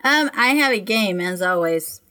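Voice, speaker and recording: A woman's voice: medium pitch, expressive, normal speed, over a noisy crowd. A woman co-hosting a crude, casual couples podcast, teasing and giggly. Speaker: podcast co-host.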